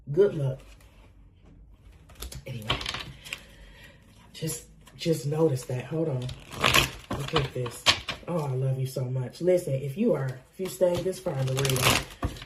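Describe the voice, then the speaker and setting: Woman reading tarot, emotional and laughing, getting over a cold, slow unhurried talk, lively swooping pitch. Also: background noise. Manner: emotional and effusive, often laughing. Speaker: tarot reader. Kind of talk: casual tarot reading to camera.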